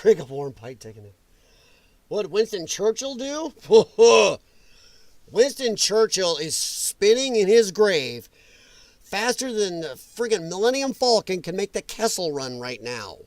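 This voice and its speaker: High-pitched, heated ranting man. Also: sing-song, a little slow, a little mellow, no echo. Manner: heated, sarcastic, mocking. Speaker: political commentary host. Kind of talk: livestream rant.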